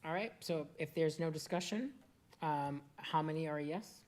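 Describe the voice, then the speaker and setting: Woman, Boston accent, meeting chair, slightly low voice, businesslike, hesitant fillers. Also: moderate pace, a little mellow. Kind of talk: public meeting discussion. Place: council meeting room.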